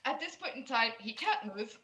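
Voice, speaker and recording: A woman narrating as game master of a tabletop game in a casual, halting way. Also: a little high, expressive, fairly bright tone, echoey room, low-quality recording.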